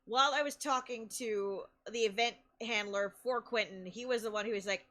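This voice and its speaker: A woman streaming live, telling stories in a loose, chatty way. Her voice sits a little high and sounds bright and sharp. She laughs often and trips over restarts as she talks. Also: moderate pace, few pauses. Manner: animated, laughs often between phrases; chatty, with many restarts and fillers. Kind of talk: casual live-stream storytelling.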